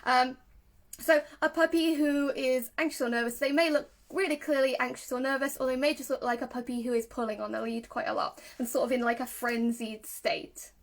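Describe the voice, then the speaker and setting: A woman's voice: high-pitched, steady tone, brisk. A woman giving a casual talk as a dog trainer, explaining earnestly and talking through examples. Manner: earnest, explains with examples, acts out a puppy's thoughts.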